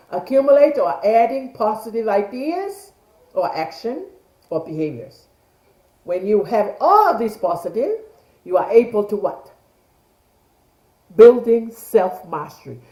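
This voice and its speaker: A woman's voice: medium pitch, dark tone, echoey room, rough recording. A middle-aged woman, leading an online class and asking rhetorical questions that she answers herself. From Tonga. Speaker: class leader. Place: home room on a video call. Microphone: video call mic.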